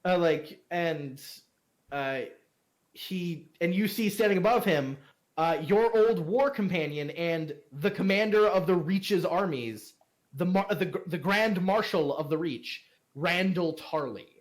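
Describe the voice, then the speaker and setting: A man's voice: sits high, slow pace. A man running a tabletop game as game master, narrating casually with many fillers.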